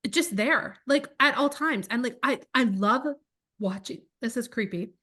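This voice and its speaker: A woman in her thirties with a high voice and a bright tone, co-hosting a relaxed podcast. She tells animated, chatty stories full of fillers. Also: measured pace, husky. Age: 30s. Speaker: podcast co-host. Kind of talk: casual chat.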